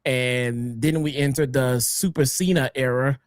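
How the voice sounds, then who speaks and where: A man co-hosting a casual wrestling podcast, laid-back and hesitant, often pausing with "um". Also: medium pitch, steady tone, dry recording, studio quality. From Chicago area. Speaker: podcast co-host.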